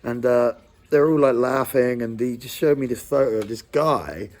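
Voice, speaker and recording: A man's voice: mid-range voice, normal speed, darkish tone. Casting: man, tribute band musician, easygoing rambling storyteller. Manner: rambling, lots of likes and ums. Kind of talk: casual anecdote.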